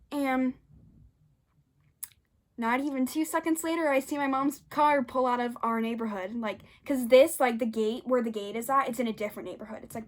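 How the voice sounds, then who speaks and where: A young woman casually telling a personal story, animated and acting out the lines of others with big jumps in voice. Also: a little high.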